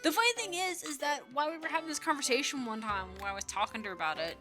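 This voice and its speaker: A woman's voice: high-pitched, lively intonation, racing, music in the background. A young woman with a Midwestern American accent, casually telling rambling, giggly stories while playing a game and quoting people in funny voices. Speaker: gaming streamer.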